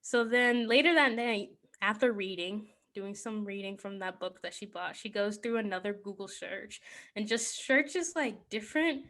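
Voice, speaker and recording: Bright-voiced giggly woman recapping a movie. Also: mid-range voice, normal speed. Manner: chatty, giggly, heavy on "like". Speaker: podcast host. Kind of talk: casual movie plot recap.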